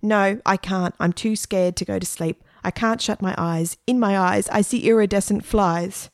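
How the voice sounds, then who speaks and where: A woman voicing a timid young boy who frets anxiously about the dark. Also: medium pitch, steady tone, moderate pace, dry recording, studio quality, lightly acted. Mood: fearful. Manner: anxious and fretful.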